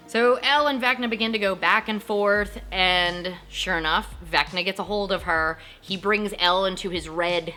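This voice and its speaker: A woman hosting a casual TV recap, chatty and emotionally invested, acting out characters' lines in quick asides. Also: medium pitch, sharp tone, faint music behind. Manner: emotionally invested, jokes about crying. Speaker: host of a TV recap channel.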